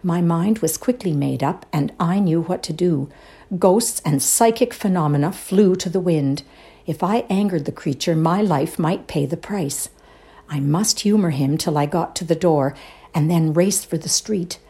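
A woman performing a dramatic reading of a ghost story, hushed and suspenseful, often dropping to a whisper. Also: on the low side, unhurried. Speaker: reader in a readers' theatre show.

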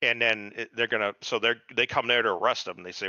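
A man's voice: fairly low pitch, steady tone, fast, sharp tone, no echo, dull audio. A man co-hosting a podcast, ranting in a casual and profane way about a TV episode. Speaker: podcast co-host. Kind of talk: casual TV recap chat.

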